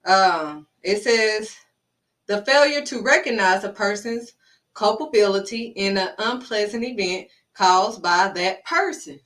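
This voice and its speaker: This faith vlogger, a woman, preaches to camera in a blunt, emphatic way, scolding and repeating herself for emphasis. She speaks a little slowly at medium pitch with a bit of brightness, somewhat distant from the mic.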